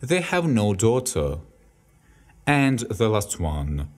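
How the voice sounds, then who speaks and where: Slow Russian-accented man teaching vocabulary. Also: on the low side, very animated. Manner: reads each word, then an example sentence, then its translation. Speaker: Russian language tutor. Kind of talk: slow, deliberate language lesson.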